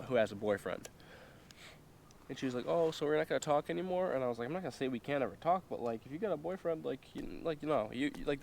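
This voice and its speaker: A man's voice: on the low side, a little hiss or hum. A young man telling a story in a casual, profane way, with lots of fillers and acted-out quotes. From United States. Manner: loose and profane, full of fillers, acts out quotes. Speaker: vlogger.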